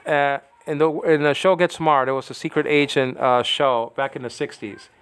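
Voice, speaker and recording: A man's voice: medium pitch, normal speed, fairly bright tone, clean tone. Home-lesson teacher, male, digressive, keeps asking "okay?". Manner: rambling, digressive, says "okay?" often. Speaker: Greek teacher. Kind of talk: informal home video lesson.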